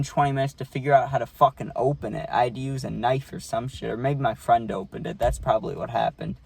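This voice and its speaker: A man's voice: mid-range voice, creaky. A young man vlogging a casual storytime, rambling and swearing, with many fillers.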